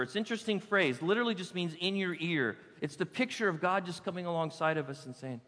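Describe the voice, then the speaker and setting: A man preaching a sermon to his congregation on a handheld microphone, emphatic, often dropping to soft, quiet asides. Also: sits high, quick pace, few pauses. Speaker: pastor. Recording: reverberant church hall.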